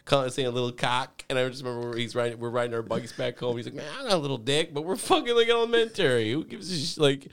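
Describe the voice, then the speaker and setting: Talking quickly and smoothly with hardly any pauses, a man spins rowdy, profane anecdotes in casual conversation. Laughter runs through his telling, and he squeals out others' lines in a high voice.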